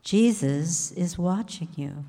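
Sly talking parrot with a flat warning tone, as a woman preacher puts it on; low-set voice. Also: takes it slowly, creaky, long reverb tail, heavily acted.

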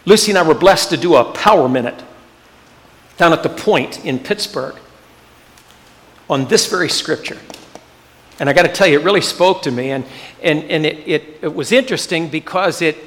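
A man's voice: a little high, normal speed, fairly bright tone, long reverb tail. An older man preaching a sermon as pastor, earnest and building to fervent emphasis. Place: church sanctuary.

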